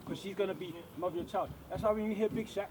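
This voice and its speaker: A man's voice: high voice, fairly even intonation, very fast. A man exhorting young people at an outdoor street gathering, checking in with listeners as he speaks. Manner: exhorting, checks in with constant "yeah?". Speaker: community speaker. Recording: outdoor crowd noise. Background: crowd.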